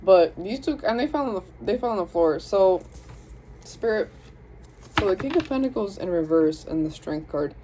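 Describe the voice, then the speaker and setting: A woman's voice: mid-range voice, expressive, moderate pace, noisy background. A young woman with a Southern US accent giving a casual, chatty tarot reading, speaking to spirit and her viewers in slangy, self-interrupting talk. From Southern United States. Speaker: tarot reader.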